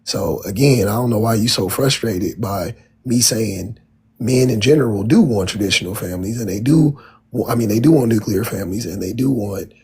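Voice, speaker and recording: A man's voice: on the low side, moderate pace, a little mellow, husky. A man arguing bluntly and mockingly in a heated debate.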